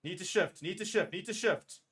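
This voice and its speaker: A man's voice: sits high, moderate pace, fairly bright tone. A man giving emotional live fan commentary on a rugby match, nervously repeating phrases as he calls the play.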